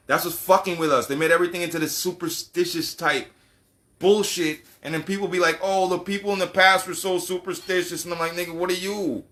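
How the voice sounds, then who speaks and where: Bright, animated profane ranting man. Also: fairly high pitch. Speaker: channel host. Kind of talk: casual monologue.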